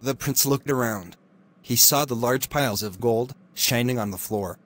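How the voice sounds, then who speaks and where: A man narrating a classic fairy tale in a steady, clear reading voice. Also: mid-range voice, normal speed. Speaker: storyteller.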